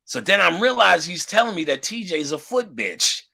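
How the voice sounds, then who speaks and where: A man's voice: sits high, sing-song, normal speed, gravelly, bright, forceful tone, husky. A man lecturing in casual storytelling mode, using profane street slang and acting out the voices of people in his story.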